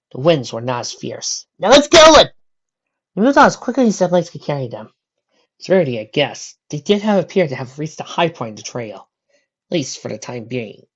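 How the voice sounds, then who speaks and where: A woman narrating a fan fiction story aloud, with steady descriptive reading and occasional slips. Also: extremely low pitch, husky, highs cut off.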